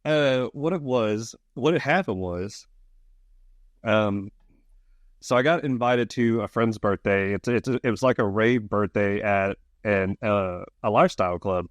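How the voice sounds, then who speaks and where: A man co-hosting a podcast in casual chat, with a deadpan delivery. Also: lowish voice, a little slow, no room sound. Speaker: podcast co-host.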